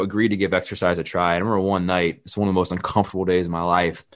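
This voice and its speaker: A man in his thirties, a fitness trainer, candidly telling his life story in a plain-spoken way and acting out the dialogue he quotes. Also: deep voice.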